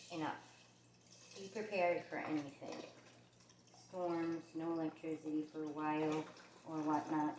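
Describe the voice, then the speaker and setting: A woman's voice: deep voice, echoey room, noisy background. A woman from the New York and New Jersey area with a New York accent, chatting casually as she demonstrates a recipe in her home kitchen. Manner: chatty, rambling, with many fillers. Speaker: cooking channel host.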